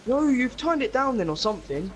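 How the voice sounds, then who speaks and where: Excitable high-voiced gamer. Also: male voice, brisk. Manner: excitable, loud call-outs and bragging. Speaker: streamer. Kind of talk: casual gaming chat with a teammate.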